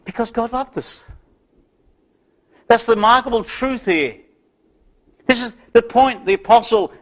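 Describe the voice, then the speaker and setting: Emphatic preacher man, rising and falling. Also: high-pitched. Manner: builds to loud emphatic peaks, then drops to hushed, soft closing prayer; old-fashioned biblical phrasing. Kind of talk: sermon.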